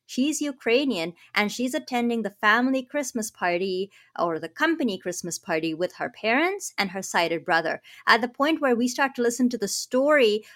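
A woman's voice: a little high, fairly bright tone. A woman hosting a radio talk show, chatting conversationally and introducing segments. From Canada. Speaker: host.

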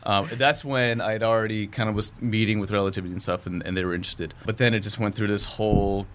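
Fast-talking man telling stories. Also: lowish voice, fairly even intonation, a bit bright, a little hiss or hum. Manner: fast, chatty storytelling with frequent laughs. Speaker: film director guest. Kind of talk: casual podcast interview.

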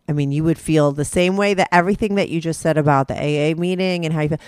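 A woman's voice: sits low, steady tone, fast, a little mellow, smooth, no echo, clean studio sound. A woman hosting a talk show, chatting casually and earnestly giving advice. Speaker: host. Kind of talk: casual chat.

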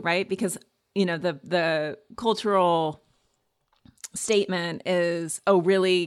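A woman hosting an interview, asking thoughtful questions and reading an ad. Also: fairly low pitch. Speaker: podcast host.

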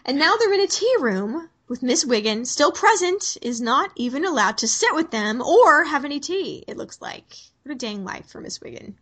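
A woman's voice: sits high, sing-song, moderate pace, few pauses, a bit bright. A woman co-hosting a podcast, recapping a movie scene by scene in a wry, casual way and acting out the characters' lines. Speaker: podcast co-host.

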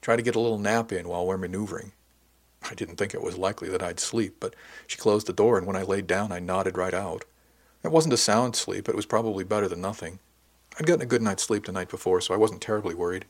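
Low-voiced male audiobook narrator. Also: quick pace. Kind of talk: first-person novel narration.

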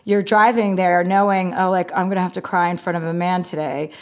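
A woman's voice: fairly low pitch, steady tone, a little fast. A woman comedian, a guest in a casual interview, telling candid stories, acting out quoted conversations and using many fillers like "you know".

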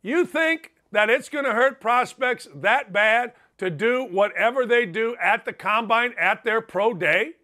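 Man, sports talk host, sarcastic rant, swears freely, high voice, sharp edge. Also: a little slow, hardly any pauses. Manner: ranting, profane and sarcastic. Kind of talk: opinionated podcast monologue.

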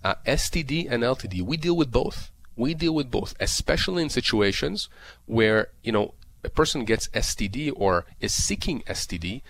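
A man's voice: mid-range voice, expressive, moderate pace, few pauses, fairly bright tone. A man explaining disability insurance claims on a call-in show, emphatic and repetitive, with many fillers. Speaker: disability lawyer guest expert. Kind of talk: radio call-in advice.

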